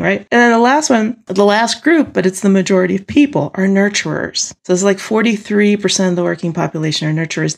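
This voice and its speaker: A woman explains workplace types in easy conversation, with a gravelly fry in her voice. She is animated and acts out the people she describes, laughing as she goes. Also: medium pitch. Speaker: guest speaker on team dynamics.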